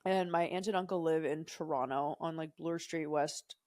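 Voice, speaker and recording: Recorded dry with clean studio sound, this young podcast co-host has a deep, darkish voice, fairly even intonation and a moderate pace. Her casual chat turns into a profane, wandering story with many tangents.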